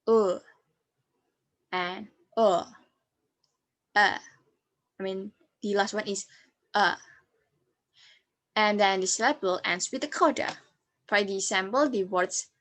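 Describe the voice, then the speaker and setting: Slow, hesitant young woman from Indonesia. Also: medium pitch, a bit bright. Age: young adult. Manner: hesitant, with frequent fillers and self-corrections. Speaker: student presenter. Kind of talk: recorded class presentation.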